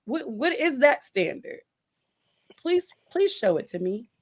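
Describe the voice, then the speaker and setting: Woman, somewhat high voice, casual sports chat, emphatic, exasperated, repeats questions. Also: very animated, unhurried. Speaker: sports podcast host.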